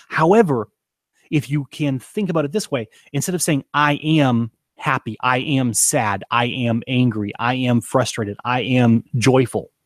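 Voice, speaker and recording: A man's voice: mid-range voice, no echo, clean studio sound. A man coaching on leadership, talking to camera in an earnest, emphatic way and repeating points for stress. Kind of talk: teaching talk to camera.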